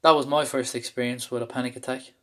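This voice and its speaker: A man's voice: medium pitch, fairly even intonation, fast. Candid man telling a raw personal story. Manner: candid, intense, swears freely. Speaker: speaker sharing a personal story.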